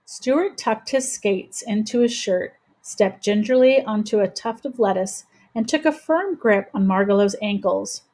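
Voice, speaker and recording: A woman reading a children's chapter book aloud in a gentle, steady voice. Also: medium pitch, a little slow, few pauses. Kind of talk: children's storybook read-aloud.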